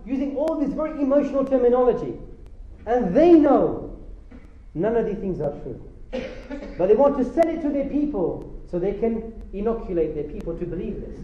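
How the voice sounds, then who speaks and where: A man's voice: high-pitched, a little hiss or hum. A man giving a religious lecture, impassioned and rhetorical, asking his audience questions. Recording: roomy lo-fi lecture hall recording.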